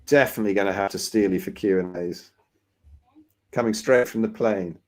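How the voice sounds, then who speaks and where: A man's voice: fairly low pitch, brisk. A man co-hosting a live Q&A on a video call, joking and bantering with his co-host. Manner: jokey, bantering. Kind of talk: casual live Q&A chat.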